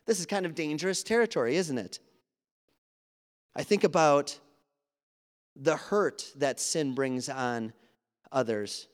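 Man giving a sermon, kinda high voice, echoey church hall, acts out the quotes. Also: a little slow, pauses often. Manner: earnest, conversational preaching with quoted dialogue. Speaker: preacher. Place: church sanctuary. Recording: long hall reverb.

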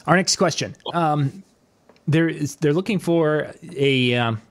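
A man's voice: on the high side, slow pace. A man hosting a casual interview, asking long questions that restart and wander. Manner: rambling, restarts his questions.

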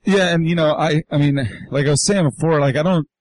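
Brief: man, podcast host, rambling profane musings, relaxed chat. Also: on the high side, fairly quick, dry recording, rough recording. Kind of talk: casual chat.

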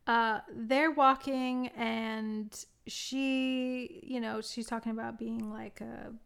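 Gushing woman with a smooth voice. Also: on the high side, slow. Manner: gushing, animated retelling of scenes. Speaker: podcast co-host. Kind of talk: casual film review chat.

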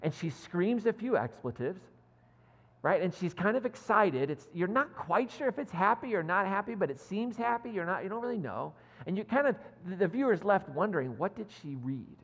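A man's voice: high-pitched, expressive, normal speed. A male pastor giving a sermon in a church, telling a story in a conversational, self-deprecating way. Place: church sanctuary. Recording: long hall reverb.

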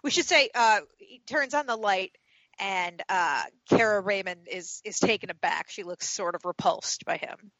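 A chatty woman co-hosts a podcast, her voice bright and quick to break into laughter. The recording is dry and a little dull. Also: mid-range voice, no room sound. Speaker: podcast co-host. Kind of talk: casual chat.

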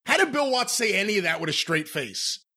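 A man co-hosts a casual wrestling podcast with a high, bright voice. He talks in a joking, incredulous way and laughs easily at what he hears. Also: very animated, a little fast, husky. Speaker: podcast co-host. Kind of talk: casual chat reviewing old wrestling.

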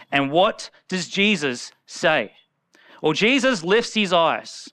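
A man preaches with a bright, clear voice pitched a little high for a man. He talks loosely and conversationally, acting out the people in his story. The sound is close and dry. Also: big pitch swings, takes it slowly, no room sound. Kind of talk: sermon.

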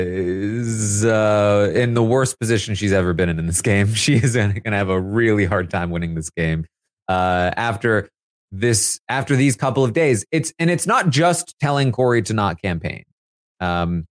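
A man's voice: on the low side, no room sound, studio quality. A man hosting a casual recap of a reality show, chatty and full of fillers, laughing as he talks. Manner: chatty, filler-heavy, laughs while talking. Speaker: live feed recap host.

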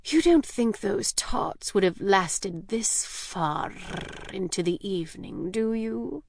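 A woman's voice: mid-range voice, expressive, takes it slowly, creaky, darkish tone, voice pushed up, full character voice. A woman voicing a sly male Cheshire Cat, reading a quote in a teasing drawl. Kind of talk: dramatic book reading.

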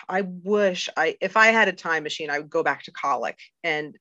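A woman's voice: low-pitched, moderate pace, pushed and bright, no echo. A middle-aged woman, a guest on a faith podcast, talking candidly and earnestly with many fillers and restarts. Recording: dull lo-fi dry recording.

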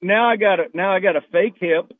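A man telling a story in casual chat, halting and animated. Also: high voice, no echo, phone-quality sound.

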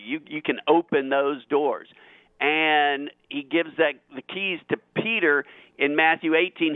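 A man guesting on a call-in radio show, speaking in a raised, lively voice that climbs higher as he gets worked up. He comes through a narrow, tinny phone line with a close, dry sound. His delivery is animated. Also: no echo. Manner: animated, grows excited and high when making a point.

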